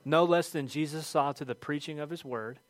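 Guy pastor doing a sermon, middle-aged, tells stories all excited, dry close mic. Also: fairly high pitch, brisk, no echo. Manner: storytelling, animated with shouted quotes.

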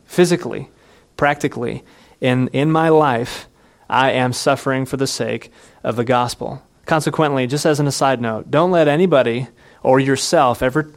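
A man in the middle of a sermon, speaking at an ordinary mid pitch. He talks earnestly and conversationally. He jumps his voice up when he acts out the people in his story. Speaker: pastor.

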